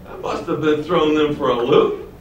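A man's voice: a little high, normal speed, reverberant, recorded from a distance, lo-fi sound, slight background noise. A man preaching a sermon, teaching with rhetorical questions and asking his congregation to follow along. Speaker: pastor.

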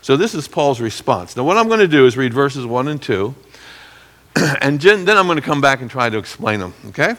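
A middle-aged man teaching from the Bible as a pastor, animated, acting out quotes and clearing his throat now and then. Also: mid-range voice, fairly quick, big-room sound.

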